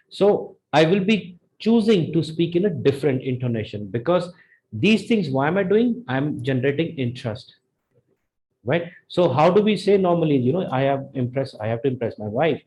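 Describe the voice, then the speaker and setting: Young indian guy teaching english, lively swoopy pitch, warm mellow sound. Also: rough recording. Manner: animated, demonstrates intonation with sudden pitch jumps. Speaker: English speaking tutor. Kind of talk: live online spoken English lesson.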